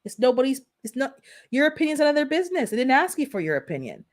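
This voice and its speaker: A woman's voice: high-pitched, sing-song, fast. A woman hosting her own channel, chatting casually on a live stream in a blunt, sarcastically funny, rambling way. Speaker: gardening channel host.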